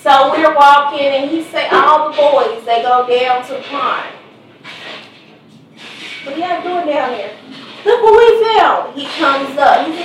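A mother from Kansas City telling lively family stories with a Missouri accent, acting out voices and laughing often. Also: sits high, unhurried, recorded from a distance, a little hiss or hum. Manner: animated storyteller who acts out quotes and laughs often. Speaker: mother of the victim. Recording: echoey room, voice from afar.

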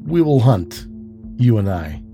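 A man's voice: big pitch swings, slow pace, music in the background, heavily acted. A man putting on a silky, courtly aristocrat hunter. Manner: polished and genteel, with a lift in pitch. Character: suave courtly aristocratic male hunter, menacing.

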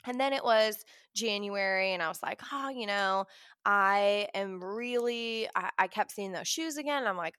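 A young woman talking casually to camera about money, chatty and animated, acting out her own reactions. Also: medium pitch, moderate pace, clear, resonant tone, no echo, studio quality. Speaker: personal finance vlogger.

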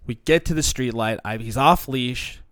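A person telling a personal anecdote in a casual, profane monologue, swinging between quiet muttering and loud exasperated outbursts. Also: mid-range voice, moderate pace, no room sound, clean studio sound. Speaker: storyteller.

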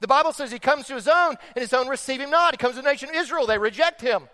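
A man preaching a sermon as pastor, swinging between loud stressed phrases and quiet, slowed-down lines. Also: very high-pitched, in a large hall. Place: church sanctuary.

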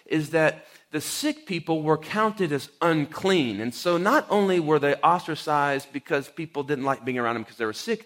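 A man's voice: on the high side, fairly bright tone. A man, a pastor, giving a conversational sermon and telling a personal story with casual fillers and acted-out quotes.

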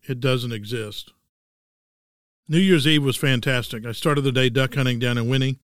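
A man's voice: mid-range voice, clean tone, no echo. A man in his sixties with a Texan accent, hosting a scripted monologue with dry, wry humor. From Texas. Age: 60s. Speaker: host.

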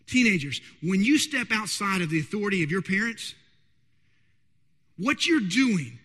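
A man preaching a sermon to a congregation. He keeps asking them if they are ready, and he moves between hushed, drawn-out lines and louder bursts. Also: sits high, very animated, breathy edge. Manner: keeps checking in with the congregation with quick questions. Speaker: pastor. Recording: long reverb of a large hall.

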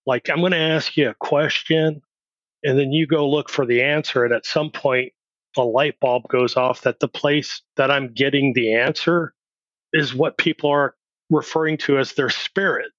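A man's voice: mid-range voice, steady tone, normal speed, a bit bright, no echo. Blunt middle-aged man telling his story. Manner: blunt, plain-spoken, acts out remembered dialogue. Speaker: podcast guest. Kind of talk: candid personal storytelling. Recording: dry, slightly dull recording.

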